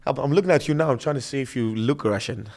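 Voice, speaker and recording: A man hosting a podcast, chatting casually with lively, stammering restarts. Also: medium pitch, quick pace, gravelly. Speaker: podcast host.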